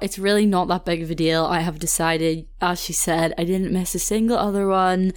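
A young woman hosting a podcast, telling a personal story in a chatty, self-mocking way and laughing now and then. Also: fairly low pitch. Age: young adult. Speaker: podcast host. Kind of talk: casual storytime monologue.

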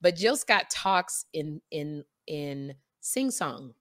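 Woman co-host, lively storyteller, bright tone, pitch swinging widely. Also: slow pace. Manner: animated storyteller, mimics accents. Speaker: podcast co-host. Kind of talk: casual chat.

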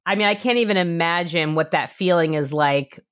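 A woman's voice: on the low side, brisk. Effusive woman podcast host. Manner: warm praise, effusive, asks open questions. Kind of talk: interview questions.

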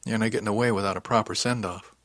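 A man's voice: lowish voice, steady tone, very fast, a bit bright, no room sound, close to an everyday voice. A man reading an audiobook, voicing a bold, teasing young woman who works as a space trader. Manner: teasing, forward.

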